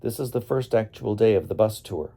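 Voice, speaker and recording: A man's voice: fairly low pitch, brisk, mellow, slightly rough. A man voicing a cheerful male tour leader who gives instructions in a joking, teacherly way. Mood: instructing.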